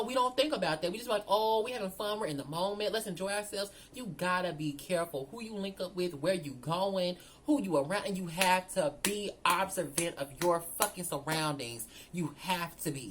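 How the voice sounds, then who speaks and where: A woman telling a storytime vlog, animated and profane, talking straight to her viewers. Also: on the low side, slight background noise. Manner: animated, profane, addresses viewers as girl and y'all. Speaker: storyteller vlogger.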